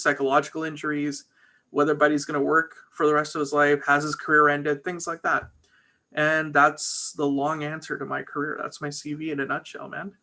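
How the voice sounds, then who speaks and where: A man's voice: a little high, sharp tone. A man who works as a trial lawyer, chatting casually and energetically as a guest in an interview.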